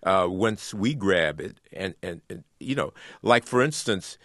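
A man's voice: sits low, expressive, a little slow, a bit bright, no echo, clean studio sound. A man being interviewed on the radio as an author, talking earnestly and often repeating words as he builds a point. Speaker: author and guest.

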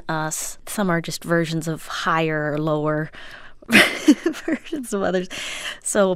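A woman comedian and voice actor from Minnesota, chatting in an interview, self-deprecating and full of fillers, with a high, childlike voice. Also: dry recording, clean studio sound. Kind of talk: casual interview chat.

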